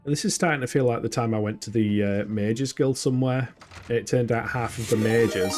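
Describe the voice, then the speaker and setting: Casual game-stream commentary comes from a UK man with a northern English accent who chats away, mocks himself and laughs often. His medium-pitched voice has a darkish tone and a moderate pace, with faint music behind.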